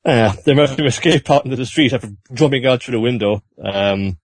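A man recaps a story casually, rambling along with animated energy. His voice sits at an ordinary pitch and sounds dry and close to the mic. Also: a little fast, husky, dry recording. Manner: rambling, animated, with frequent fillers and restarts.

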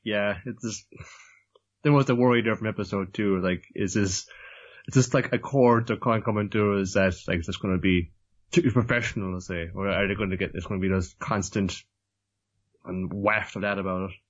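Brief: man, podcast co-host, husky and fairly low, hesitant, dull lo-fi sound. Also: fairly even intonation, normal speed. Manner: hesitant, thinking aloud. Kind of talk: casual chat reviewing anime. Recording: dull lo-fi audio.

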